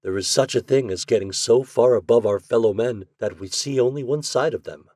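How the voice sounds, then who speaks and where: A man reading aloud voices a gentle young husband in a storybook tale, who talks hurriedly and stammers. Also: mid-range voice, fairly quick, dry recording, studio quality, voice pushed up, natural voice. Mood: musing. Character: gentle newly married man, boastful and flustered.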